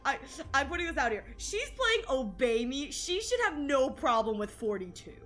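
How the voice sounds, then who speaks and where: A woman's voice: sits high, very animated, normal speed, fairly bright tone. A young adult woman streaming from home, chatting casually with her viewers, giggling often and restarting her sentences. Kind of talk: casual live-stream chat with chat readers.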